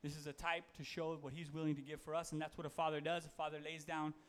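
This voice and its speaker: A man's voice: on the high side, little pitch movement, fast. A man giving a casual, conversational sermon, reading Bible verses and talking them through with fillers and self-corrections. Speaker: preacher.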